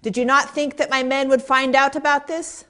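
A woman's voice: lowish voice, normal speed, natural voice. A woman voicing a male governor who angrily accuses a prisoner. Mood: accusing.

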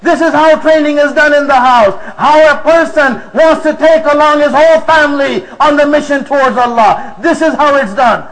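A man's voice: extremely high pitch, fairly even intonation, moderate pace, hardly any pauses, fairly bright tone, low-quality recording. A man preaching to a congregation, retelling a story with emotion and drama. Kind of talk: sermon storytelling.

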